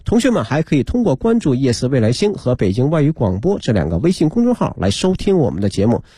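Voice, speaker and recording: A male radio host rattling off a program announcement in a brisk, lively broadcast delivery. His tone is mellow and a touch husky. The sound is close and dry. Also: mid-range voice, no echo.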